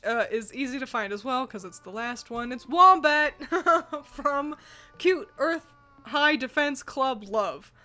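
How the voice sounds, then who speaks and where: Ranking anime mascots on a tier list, this co-host keeps the chat loose, laughing between phrases, rambling with fillers and restarts, and cursing occasionally. Her voice is a little high, pushed and bright.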